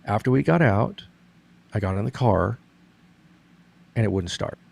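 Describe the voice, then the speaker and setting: Man, middle-aged, gravelly low register; earnest explainer, restarts his sentences often. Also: expressive, unhurried, a little mellow. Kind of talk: casual conversation.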